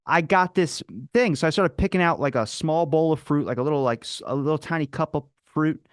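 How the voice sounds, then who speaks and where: On the high side and brisk, this man's voice is clear and resonant as he rambles through a casual story as a podcast guest. Hailing from the Philadelphia area, he leans on fillers and acts out quoted people, recorded dry in a studio.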